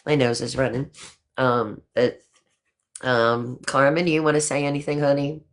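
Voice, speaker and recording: A woman's voice: very deep voice, flat delivery, normal speed. An older woman hosting a casual livestream chat, talking affectionately to viewers and a guest, with a habit of swearing lightly. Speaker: livestream host.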